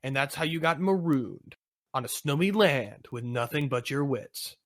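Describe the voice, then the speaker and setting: With lively intonation at a normal speed, a man co-hosting a podcast reads a fan fiction aloud, amused and playful, laughing between lines. His voice is mid-range and fairly bright. It's recorded cleanly in a studio with no room sound.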